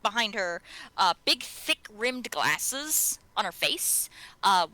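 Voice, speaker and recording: Woman game master, bright, dry close sound, rambling narration with fillers. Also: mid-range voice, big pitch swings, slow, dry recording, poor audio. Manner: rambling, many fillers and restarts.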